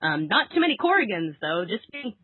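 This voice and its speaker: A woman's voice: mid-range voice, very animated, a little fast, husky. A young woman co-hosting a casual podcast, chatty and giggly, with lots of filler words. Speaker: podcast co-host. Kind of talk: casual chat. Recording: tinny phone-like sound, very dry.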